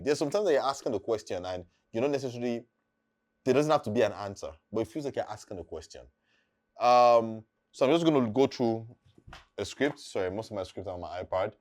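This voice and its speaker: A man's voice: medium pitch, darkish tone. A man, an acting coach explaining how to deliver lines in a casual, emphatic teaching talk that repeats key points.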